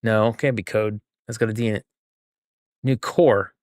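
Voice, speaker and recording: A man's voice: on the low side, completely flat delivery, fast talker, no echo, studio quality. A man streaming a game, chatting with viewers and thinking aloud as he works through a puzzle. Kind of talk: casual live gameplay chat.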